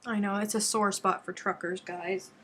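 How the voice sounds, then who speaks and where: A woman's voice: mid-range voice, level tone, normal speed, fairly bright tone, slight background noise. A middle-aged woman from Texas, casually chatting and answering viewer comments on a crochet live stream. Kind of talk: casual live-stream chat while crafting.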